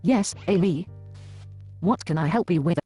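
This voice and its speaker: A woman's voice: on the low side, expressive, unhurried, dark tone, husky, faint music behind. A woman acting as a frank churchgoing friend who counsels with blunt, dry teasing in an amateur Bible drama. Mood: matter-of-fact.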